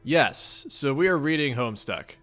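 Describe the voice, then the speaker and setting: Bright, lively Midwestern man. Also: medium pitch, moderate pace, faint music behind. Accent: Midwestern American. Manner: playful and goofy, upbeat. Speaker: livestream host reading a webcomic. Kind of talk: casual livestream chat greeting viewers.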